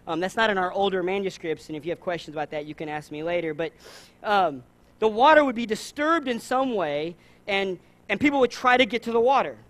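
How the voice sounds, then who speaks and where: A man with a Southern US accent preaching a sermon, lively, acting out the people in his stories. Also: sits high, fairly quick. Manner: animated, acts out voices in his stories. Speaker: pastor.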